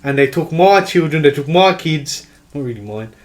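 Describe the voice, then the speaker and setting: A man's voice: on the high side, animated, normal speed. An Australian man co-hosting a podcast, joking and arguing in casual chat and laughing often. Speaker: podcast co-host.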